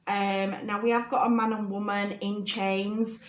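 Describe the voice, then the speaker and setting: A woman giving a personal tarot reading, talking gently and reassuringly with many fillers and check-ins. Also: mid-range voice, little pitch movement, unhurried, echoey room. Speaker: tarot reader.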